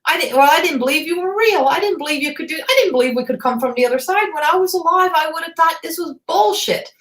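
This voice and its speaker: A woman's voice: extremely high pitch, animated, quick pace, fairly bright tone, recorded from a distance, pitched above the performer's own voice. A woman voicing a grumpy, cocky old male spirit who scoffs and swears bluntly. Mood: scoffing.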